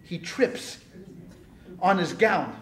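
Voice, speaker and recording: A man, a rabbi, teaching a class in a lively, joking storytelling lecture, talking straight to his listeners. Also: high voice, extremely slow.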